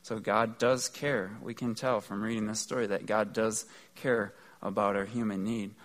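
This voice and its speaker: A man's voice: on the low side, level tone, moderate pace. A man giving a conversational, earnest sermon, explaining things step by step. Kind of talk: sermon teaching.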